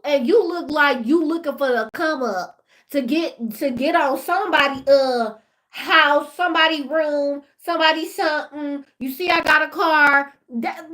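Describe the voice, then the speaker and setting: High-voiced woman telling a lively story. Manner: animated, laughing, talks straight to viewers. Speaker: vlogger. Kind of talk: casual storytime rant.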